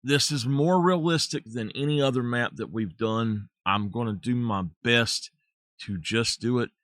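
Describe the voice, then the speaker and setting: A man's voice: medium pitch, unhurried, fairly bright tone, dry recording, studio quality. A man with a Southern US accent, chatting casually while streaming a game and laughing at his own jokes. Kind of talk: casual live-stream chat.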